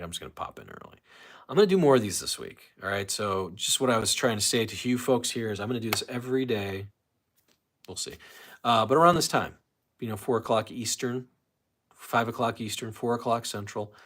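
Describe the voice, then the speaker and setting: A man's voice: lowish voice, a bit bright. A man hosting a casual solo livestream, rambling and reading viewer comments aloud with frequent restarts. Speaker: livestream host.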